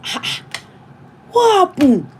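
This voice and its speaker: A woman acting out her alarmed husband in a rapid, exclaiming, high-pitched voice. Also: wildly swooping pitch, a little mellow, a little hiss or hum, exaggerated voice. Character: alarmed husband scolding his wife.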